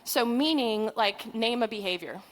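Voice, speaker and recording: A woman in her forties, a parenting trainer giving a humorous conference talk, chatty and animated, with asides and self-deprecating jokes. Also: fairly high pitch, moderate pace, rough recording. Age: 40s.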